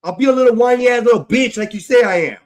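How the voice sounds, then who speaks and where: A man's voice: very high-pitched, quick pace. A grown man ranting on a livestream, profane and frustrated, repeating himself as he vents. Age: adult. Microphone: streaming mic.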